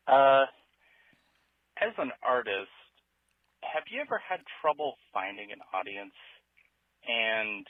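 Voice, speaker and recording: A man leaving a hesitant, discouraged voicemail question for a podcast. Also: lowish voice. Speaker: caller. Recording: tinny phone voicemail.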